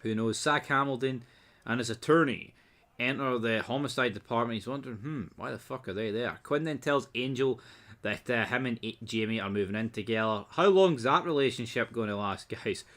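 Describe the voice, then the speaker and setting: A man rattles through a casual TV recap in a bright, forceful voice. He is blunt and sarcastic and swears freely. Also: mid-range voice, fairly quick. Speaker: TV episode reviewer.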